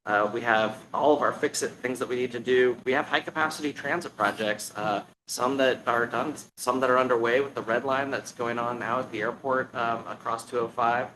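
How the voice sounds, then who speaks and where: A man giving a halting presentation to a public commission, with many fillers and restarts. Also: mid-range voice, steady tone, noisy background. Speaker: staff presenter. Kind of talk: meeting presentation. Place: public meeting room.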